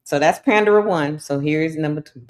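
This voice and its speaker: A woman co-hosting a casual talk show who reacts with exclamations, frequent laughter and steady "mm-hmm"s and "right, right"s. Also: low-pitched, moderate pace. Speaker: podcast co-host.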